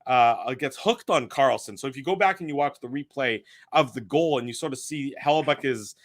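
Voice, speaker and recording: A man's voice: mid-range voice, a little fast, no echo, studio quality. A man co-hosting a hockey post-game show, recapping the game steadily with many fillers.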